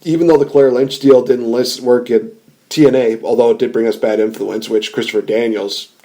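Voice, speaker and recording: A man's voice: mid-range voice, fairly even intonation, brisk, dark tone. A man hosting a podcast, chatting casually, rambling and laughing often. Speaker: podcast host. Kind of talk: casual chat.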